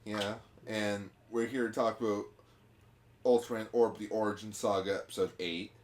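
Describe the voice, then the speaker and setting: A man's voice: on the low side, fairly even intonation, moderate pace, a little mellow. Playful rambling man podcast host. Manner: playful, rambling, hums while searching notes. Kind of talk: casual podcast chat over the internet.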